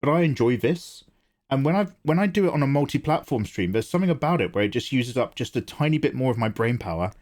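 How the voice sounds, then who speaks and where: A man's voice: mid-range voice, animated, fast talker, a little mellow. A man hosting an art livestream, chatting casually, self-deprecating and reading viewer messages aloud.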